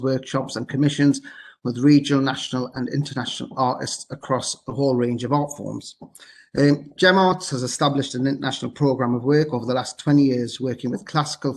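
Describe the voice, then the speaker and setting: A man from North East England with a Geordie accent, an arts director giving a deliberately measured presentation on a video call. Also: mid-range voice. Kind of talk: panel presentation.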